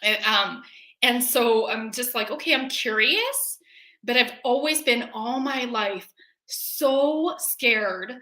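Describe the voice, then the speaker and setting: A woman in her forties telling a personal story in a casual, animated way, acting out her own scared reactions. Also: fairly high pitch, takes it slowly, roomy sound. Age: 40s. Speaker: webinar guest.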